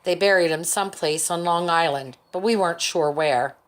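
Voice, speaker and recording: Woman, somewhat low voice, audiobook reader, steady storytelling pace, raised pitch for dialogue. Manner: measured storytelling, lifting for quoted lines. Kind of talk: audiobook narration.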